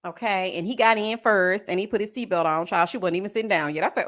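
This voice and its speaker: A woman hosting a live review of a reality show, sassy and expressive, talking straight to her viewers. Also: mid-range voice, fairly quick.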